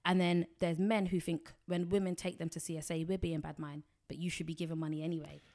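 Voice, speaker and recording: A woman's voice: on the low side, little pitch movement, fast, a little mellow. A woman, chatting frankly and bluntly as a podcast guest. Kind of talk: casual chat.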